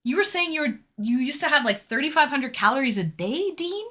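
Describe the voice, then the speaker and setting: A woman streamer with a bright, sharp-edged voice pitched a little high chats casually with her viewers. She reads their messages aloud, teasing them and tossing in the odd swear word. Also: animated, a little fast. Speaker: live streamer.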